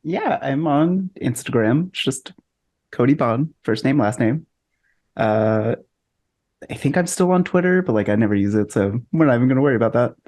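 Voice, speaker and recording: A man's voice: mid-range voice, expressive, normal speed, a little mellow. A man who is a player in a streamed tabletop game, chatting in a laid-back way. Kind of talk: casual chat at the end of a streamed tabletop game.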